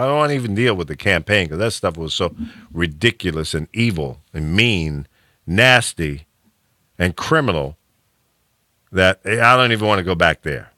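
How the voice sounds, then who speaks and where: A man with a low voice hosts a casual radio talk show and talks emphatically, laughing often. His pitch swings widely, and the tone is bright. The sound is dry and close. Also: no room sound. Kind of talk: casual opinionated radio chat. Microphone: studio mic.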